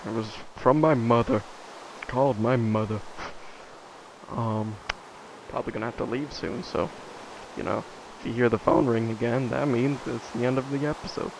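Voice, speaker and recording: A man's voice: mid-range voice, fairly even intonation, moderate pace, gravelly, long pauses, noisy background. A man vlogging alone, telling stories in a casual, rambling way full of fillers and asides. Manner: rambling, many fillers, self-interrupting asides.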